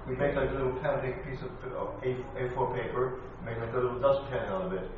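A man's voice: medium pitch, steady tone, brisk, noisy background. A man in a class, making casual, practical comments. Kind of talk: class discussion. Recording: distant, echoey, dull room recording.

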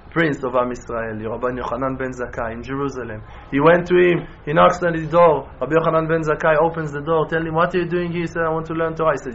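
A rabbi delivers a sermon in non-native English sprinkled with Hebrew terms, telling stories quietly before building into loud, impassioned exhortation. The recording is dull and lo-fi, with faint background noise.

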